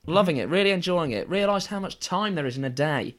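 A man's voice: fairly high pitch, animated, quick pace, fairly bright tone. A young adult man co-hosting a casual podcast chat, playful and self-mocking, laughing often. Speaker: podcast co-host.

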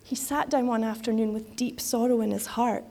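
Chatty woman preaching, slightly high voice. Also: steady tone, moderate pace, vocal fry, mellow. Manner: conversational, with frequent fillers and restarts. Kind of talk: sermon.

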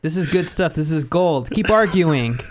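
A man co-hosting a podcast, chatting casually with a playful, deadpan teasing manner and frequent laughs. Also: fairly high pitch, moderate pace, a little hiss or hum. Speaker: podcast co-host. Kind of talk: casual joking chat.

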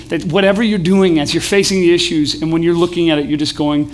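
A man's voice: on the high side, fairly even intonation, fast talker, few pauses. A young man preaching casually to a live audience, joking and leading call-and-response chants. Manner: casual, joking, building to shouts. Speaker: pastor. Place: event hall with live audience.

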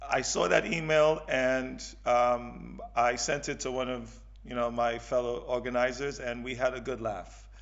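Relaxed man with an Indian accent. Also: medium pitch, vocal fry, lo-fi sound. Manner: relaxed, halting, laughs. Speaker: salsa event organizer, guest. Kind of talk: casual chat.

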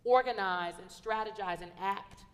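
A woman's voice: mid-range voice, moderate pace. A woman on a discussion panel, telling stories emphatically and raising her voice when she quotes someone. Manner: emphatic storytelling, rising sharply when quoting. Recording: long hall reverb.

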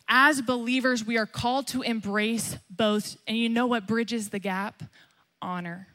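A woman's voice: moderate pace, a bit bright. A young woman pastor preaching a sermon emphatically, acting out quotes as she goes. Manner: emphatic, acts out quotes with rising pitch.

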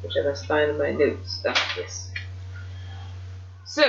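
A woman hosting a podcast, talking casually and excitedly about booking wrestling matches, swearing freely. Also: deep voice, slow pace, gravelly, background noise. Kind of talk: casual chat. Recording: muffled, echoey room.

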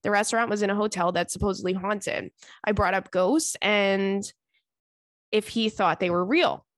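A woman hosting a casual podcast, reading listener letters aloud and reacting with chatty asides. Her voice sits at an ordinary middle pitch and often tips into giggles. The recording is close and dry, with no room sound. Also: normal speed, no room sound. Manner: giggly, breaks into laughter often. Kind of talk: casual chat.

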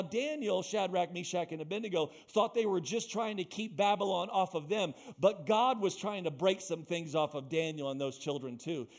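A male pastor delivers a sermon in a notably high voice. He preaches with emphasis, driving points home through repetition and direct calls to his listeners. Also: darkish tone. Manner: emphatic, repeats phrases and calls out to the congregation.

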